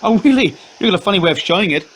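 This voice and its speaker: A man voicing a distraught young wife who screams and yells in fury. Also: normal speed, low-quality recording. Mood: furious. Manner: shrill screaming and yelling.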